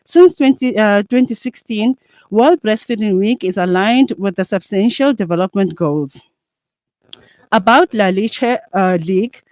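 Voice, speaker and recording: A woman's voice: medium pitch, a little slow, darkish tone, no room sound. A young adult woman hosting a radio talk show. She reads her introduction with many hesitations.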